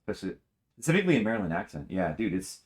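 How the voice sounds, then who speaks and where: Rambling, excitable male game streamer. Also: low voice, rapid-fire, crowd noise. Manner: rambling, enthusiastic, many fillers and restarts. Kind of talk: casual commentary while playing.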